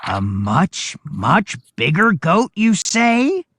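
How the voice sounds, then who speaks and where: A storybook reader voicing a hungry, greedy male troll who guards a bridge, dropping lower and gloating. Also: wildly swooping pitch, very slow, fairly bright tone, slightly rough, dry recording, clean studio sound, heavily acted. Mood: menacing.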